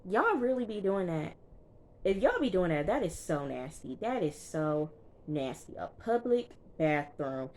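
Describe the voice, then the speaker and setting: Speaking straight to viewers, a woman recaps a TV episode in a casual, emphatic style packed with fillers. Her voice is lowish and darkish, very animated, with a measured pace.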